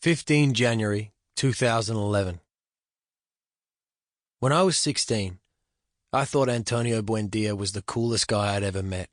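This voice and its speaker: A man reading a literary novel aloud in the first person, reflective and measured, at a close studio microphone. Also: lowish voice, dry recording. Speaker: audiobook narrator.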